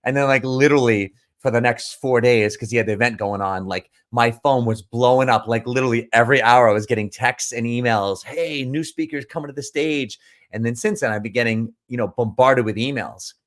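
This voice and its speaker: Brief: a man at a mid-range pitch, speaking as a business coach in a casual talk, rambling and emphatic with frequent restarts. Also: fairly even intonation, brisk, hardly any pauses. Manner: rambling, with many restarts and repeated words; emphatic and earnest. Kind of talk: casual storytelling monologue.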